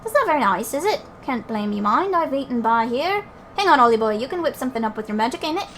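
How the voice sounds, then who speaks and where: A woman voicing a cheeky little male fairy companion in a put-on Scottish accent, rough-spoken and chatty, calling people "boy". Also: high voice, sing-song, fast, fairly bright tone, a little hiss or hum, heavily acted. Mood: grumbling.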